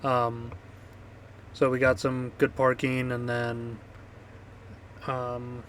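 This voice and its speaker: A man co-hosting a casual podcast, recapping a gig in a relaxed, rambling way with easy laughs. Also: medium pitch, extremely slow, slight background noise. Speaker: podcast co-host and band member. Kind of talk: casual chat.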